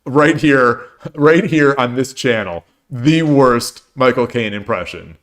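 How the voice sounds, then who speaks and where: A man's voice: medium pitch, slow pace, a bit bright. A tired man in his forties chats casually with his stream audience. He rambles, circles back over his own words and jokes at his own expense. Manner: rambling, with frequent restarts and self-deprecating jokes. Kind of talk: casual chat while streaming games.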